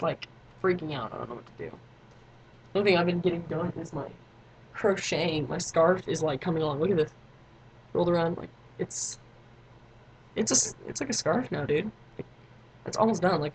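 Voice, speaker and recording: A woman's voice: lowish voice, a little hiss or hum, poor audio. A teenage girl vlogging in a rambling, chatty way, full of fillers and side notes. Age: teens. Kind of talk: casual chat to camera.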